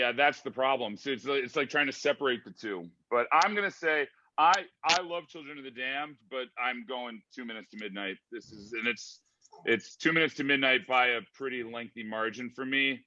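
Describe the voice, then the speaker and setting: A man's voice: mid-range voice, pushed and bright, no echo, muffled recording. A man hosting a podcast in casual chat, hesitant and often restarting his sentences. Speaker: podcast host.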